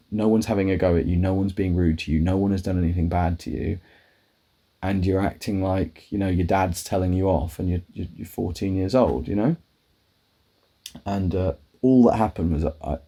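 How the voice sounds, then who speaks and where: A man's voice: low-pitched, warm tone, slightly rough. A man telling a rambling personal story in a casual monologue, swearing often and acting out his own quoted lines. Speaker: vlogger.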